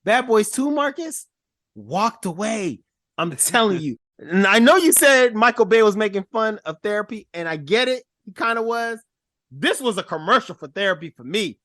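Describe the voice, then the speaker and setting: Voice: mid-range voice, sing-song, moderate pace, a bit bright, no echo. Rambling emphatic co-host, dry sound. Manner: rambling and emphatic, quotes characters with a laugh. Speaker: podcast co-host. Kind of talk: casual movie-review chat.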